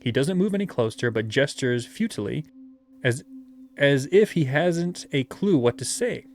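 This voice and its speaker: A man's voice: medium pitch, normal speed. Man reading a gamebook aloud. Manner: steady reading, chatty asides. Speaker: host and gamebook narrator.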